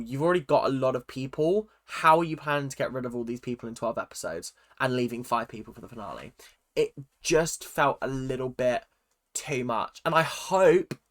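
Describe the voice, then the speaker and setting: A reality TV recap YouTuber rants casually through an opinionated episode recap, chatty and cursing freely. His voice is medium in pitch and a bit bright.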